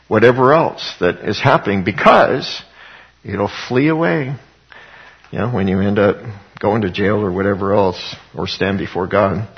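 A man preaching a sermon, reading scripture and explaining it in plain talk. His delivery is conversational, full of fillers and restarts, and turns emphatic at times. The voice sits in a middle pitch, and the recording sounds a bit dull and lo-fi. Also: breathy edge. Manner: conversational, with frequent fillers and repeated words, rising to emphatic.

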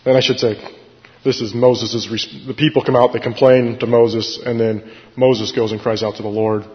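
A man's voice: medium pitch, level tone, moderate pace. Man teaching scripture in an echoey hall. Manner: casual, explanatory, frequent fillers and self-corrections. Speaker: Bible teacher. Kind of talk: conversational Bible study sermon. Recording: echoey hall, dull lo-fi sound.

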